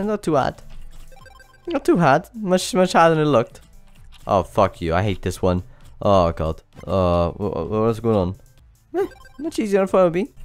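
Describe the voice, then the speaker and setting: A man playing a stressful game and commenting, swearing and yelling frantic exclamations as he goes, sounding out of breath. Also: mid-range voice, no echo. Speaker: gaming channel host. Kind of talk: let's play commentary.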